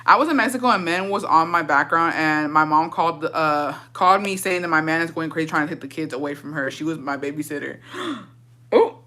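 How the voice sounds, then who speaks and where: A vlogger with a deep voice tells a casual storytime at a quick pace, barely pausing, in a sharp tone. She's blunt and heavily profane, switching between English and Spanish slang.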